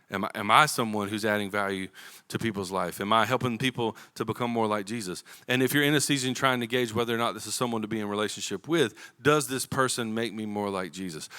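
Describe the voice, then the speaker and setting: Pastor, man, thirties, low-pitched but bright and clear, casual storytelling sermon in a church. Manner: casual storytelling with Southern-inflected slang. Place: church auditorium.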